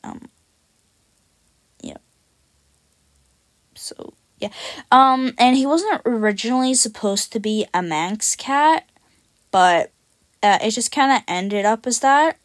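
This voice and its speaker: A woman talks through her cat character designs in a loose, rambling way, full of fillers and offhand self-mockery. Her voice sits a little high and swings widely up and down. She speaks slowly, drifting between thoughts. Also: animated, no echo. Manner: rambling and self-deprecating, many fillers, casual swearing. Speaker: YouTuber describing her drawn cat characters. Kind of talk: casual rambling commentary.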